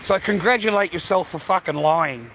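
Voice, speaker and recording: A man's voice: high voice, moderate pace, noisy background. A man talking unscripted on his livestream, ranting emphatically and repeating himself, often tossing in "mate" and "man". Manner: peppers speech with "mate" and "man". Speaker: livestream host.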